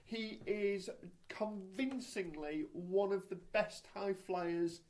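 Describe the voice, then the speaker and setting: A man's voice: high voice, takes it slowly, a little mellow. A British man co-hosting a podcast, chatting in a rambling, sarcastic way. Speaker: podcast co-host. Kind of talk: casual chat.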